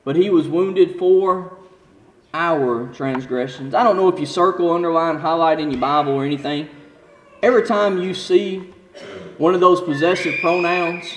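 Pastor, male, high voice, in a church sanctuary with a long hall reverb. Builds to fervent emphasis, then falls quiet and slow. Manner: rising to intense emphasis, then dropping low and slow. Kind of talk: sermon.

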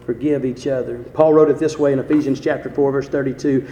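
A man preaching a sermon in a folksy way, rising to emphatic peaks and then dropping quiet. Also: fairly high pitch, steady tone, brisk, few pauses. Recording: very echoey hall with faint noise.

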